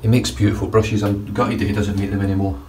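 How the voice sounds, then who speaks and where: A man's voice: fairly low pitch, little pitch movement, fast talker, mellow. A man in a bathroom giving a casual, blunt and sweary shave review. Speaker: wet-shaving vlogger. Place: indoor bathroom. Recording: distant mic with faint room noise.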